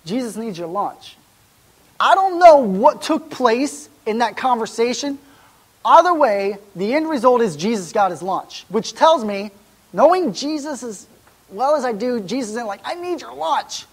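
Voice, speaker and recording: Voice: mid-range voice, lively intonation, moderate pace. A pastor preaching a sermon in a church, in a conversational way that wonders aloud and asks rhetorical questions.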